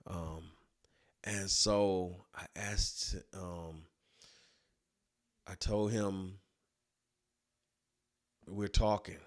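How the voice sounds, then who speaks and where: A man and business owner telling a personal story in a colloquial, animated storytelling way. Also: sits low. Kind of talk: storytelling talk.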